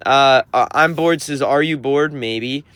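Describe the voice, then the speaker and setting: A man's voice: medium pitch, a little slow, fairly bright tone, clean tone, no echo. Sassy man reading livestream chat. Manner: sassy, teasing, mock-offended. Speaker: touring musician.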